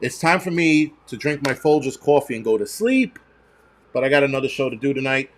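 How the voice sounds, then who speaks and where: A man's voice: medium pitch, lively intonation, fairly quick, a little hiss or hum. Ranting New man in his forties. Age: 40s. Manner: profane, ranting, mocking. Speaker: livestream host. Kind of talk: casual livestream rant.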